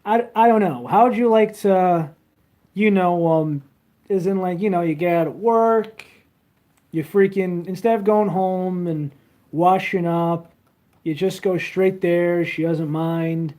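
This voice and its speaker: A young man chats loosely into a handheld phone while he streams. He is crude and meandering, with plenty of ums and trailing thoughts. His voice sits a little high for a man. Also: a little slow, mellow. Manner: rambling, crude, many fillers. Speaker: livestreamer. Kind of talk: casual livestream chat.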